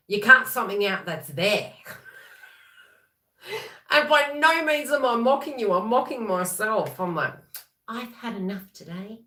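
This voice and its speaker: Animated woman in an echoey room. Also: fairly low pitch. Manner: animated, acts out quoted thoughts in voices. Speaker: tarot reader. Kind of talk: casual spiritual reading.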